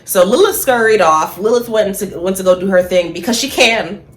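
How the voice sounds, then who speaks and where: A woman talking casually and bluntly to camera, swearing freely, laughing at her own points and slowing down for emphasis. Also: medium pitch. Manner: slows down for emphasis. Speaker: spiritual vlogger. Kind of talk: casual opinion monologue.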